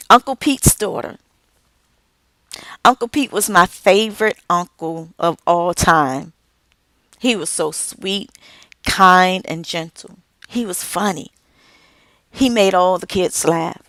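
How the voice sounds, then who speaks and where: Middle-aged woman speaker, emphatic, lowish pitch, unhurried, dry recording. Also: fairly bright tone, no room sound. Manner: slow, emphatic delivery with dramatic pauses. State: tearful at moments. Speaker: author and speaker. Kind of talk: inspirational speech.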